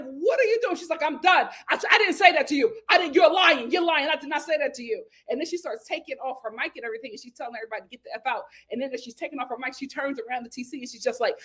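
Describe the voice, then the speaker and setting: A woman hosting a reality TV recap in casual chat, sassy and animated, acting out the cast's lines with big laughs. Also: high-pitched, fast.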